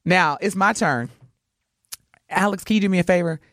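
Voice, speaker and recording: A woman co-hosting a morning radio show, telling a story in lively chat and acting out the voices of the people in it. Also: lowish voice, normal speed, no room sound, clean studio sound. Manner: animated, acts out voices while telling a story. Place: radio studio.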